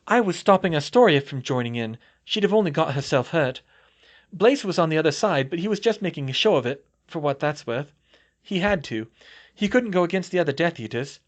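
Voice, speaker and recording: Man doing a cold blunt young woman student, matter-of-fact, raised pitch, audiobook. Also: expressive, a little fast, dull audio, close to an everyday voice.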